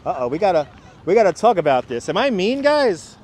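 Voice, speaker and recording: A man's voice: high voice, very animated, fairly quick, a little mellow. A man with a Brooklyn accent hosting a live-stream walking tour on a city waterfront, chatting with viewers and reading out their names as he goes. He is recorded on a wireless clip-on mic, with the street around him. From Brooklyn, New York. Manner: chatty, reads out viewer names and jokes with chat.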